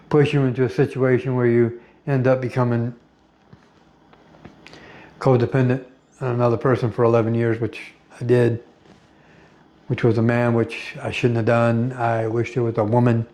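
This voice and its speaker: A middle-aged American man in a rambling personal monologue, blunt and profane, pausing often with fillers. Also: medium pitch, flat delivery, dark tone. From United States. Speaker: vlogger.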